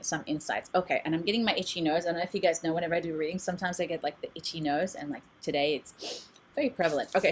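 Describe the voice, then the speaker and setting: A woman's voice: fairly low pitch, fairly bright tone, slightly rough. A woman hosting a casual live-stream oracle card reading, talking candidly and reading messages aloud, recorded at home in a closet she uses as a studio. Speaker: oracle card reader and meditation channel host.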